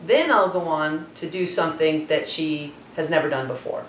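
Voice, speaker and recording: A woman dog trainer calmly explaining, step by step, how to train a dog. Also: low voice, moderate pace, slight background noise. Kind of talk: instructional voice-over. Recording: roomy, dull lo-fi home video audio.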